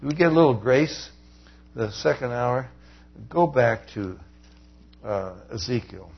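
Male preacher, husky voice, animated sermon delivery, dull lo-fi recording. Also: measured pace. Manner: animated, swings from loud emphasis to low asides.

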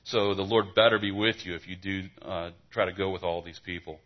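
A man's voice: deep voice, fairly even intonation, brisk, muffled recording, voice pushed down, lightly acted. A man voicing a stubborn, bargaining male king in blunt, casual paraphrase. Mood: blustering.

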